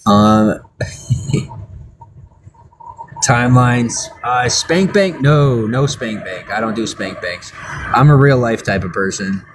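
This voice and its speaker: Young male vlogger with a rambling delivery that drops low and then jumps up high, over a faint hiss. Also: poor audio. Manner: rambling, swings between mumbling and loud high outbursts. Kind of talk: rambling solo vlog monologue.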